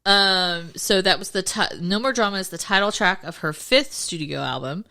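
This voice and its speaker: A woman's voice: lowish voice, normal speed, gravelly, bright, forceful tone. A woman co-hosting a podcast in casual chat, laughing often and correcting herself with fillers. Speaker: podcast co-host.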